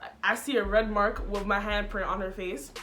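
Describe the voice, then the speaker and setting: A young woman vlogger telling a school story in a casual, animated way, laughing often and using slang. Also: medium pitch, moderate pace, a little hiss or hum.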